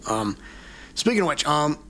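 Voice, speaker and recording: A man's voice: fairly high pitch, very animated, moderate pace, sharp tone. A man chatting casually on a live stream, rambling with lots of fillers.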